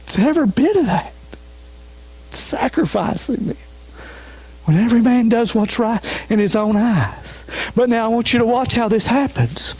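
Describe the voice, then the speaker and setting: A man's voice: very high-pitched, animated, moderate pace, a little mellow, husky. A man, a pastor, preaching an emphatic sermon with repeated refrains. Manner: emphatic, repeats refrains, urges listeners to listen.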